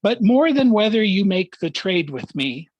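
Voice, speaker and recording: A man giving a formal prepared speech to a club over a video call, measured and deliberate, with emphatic pauses. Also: high voice, sing-song, highs cut off. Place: at home, joining remotely.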